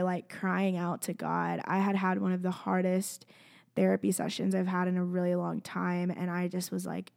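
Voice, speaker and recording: A woman's voice: on the low side, gravelly, a little mellow. A young woman telling a personal faith story to camera, earnest and chatty, with "like" in nearly every phrase. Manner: chatty, earnest, fills speech with "like". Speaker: faith vlogger. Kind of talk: casual personal testimony to camera.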